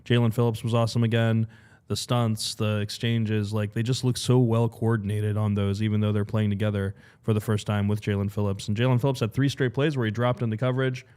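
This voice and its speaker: A man who teaches at a university, co-hosting a casual sports podcast and breaking down defensive play in quick, analytical bursts. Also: fairly low pitch, flat delivery, warm tone, smooth. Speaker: co-host, professor.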